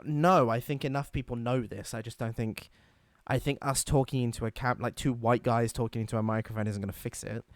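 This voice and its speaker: A young man co-hosting a casual podcast, telling stories in an animated, indignant way. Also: medium pitch, brisk, no room sound, clean studio sound. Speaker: podcast co-host.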